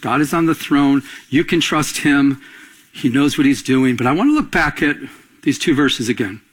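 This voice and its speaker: A middle-aged man preaching a radio-broadcast sermon, asking the congregation to fill in words and telling quick stories. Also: medium pitch, expressive, husky. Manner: call-and-response preaching, quick anecdotal storytelling. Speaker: pastor.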